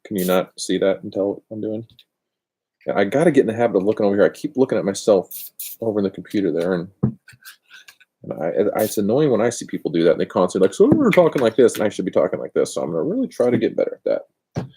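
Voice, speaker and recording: A deep, mellow-toned man rambles through a casual craft live stream. He talks loosely and good-naturedly, poking fun at himself. His voice comes through a built-in laptop microphone in a chilly garage. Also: lively intonation, fast talker, husky. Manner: rambling, chatty, self-deprecating. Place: cold home garage. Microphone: built-in computer microphone.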